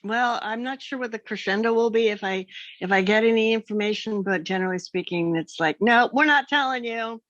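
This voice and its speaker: A woman with an American accent co-hosting a casual chat over a video call, expressive with drawn-out emphasis. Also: mid-range voice, no room sound, dull audio. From USA. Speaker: co-host.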